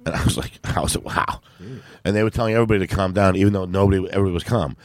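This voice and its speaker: A man's voice: deep voice, rapid-fire, darkish tone, no echo. A male comedian telling stories on a podcast in a profane, ranting way, acting out both sides of each exchange. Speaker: comedian guest. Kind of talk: casual podcast storytelling.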